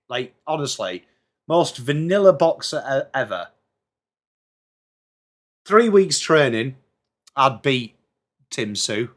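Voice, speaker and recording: A man's voice: fairly high pitch, fairly bright tone. A man with an English accent hosting a casual live sports watchalong stream, chatting and greeting viewers by name. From England.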